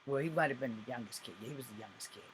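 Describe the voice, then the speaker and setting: Forties guy telling a story, swears a lot, keeps correcting himself, mid-pitched voice. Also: rapid-fire, a little hiss or hum. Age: 40s. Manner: profane, rambling, self-correcting. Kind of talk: casual storytelling.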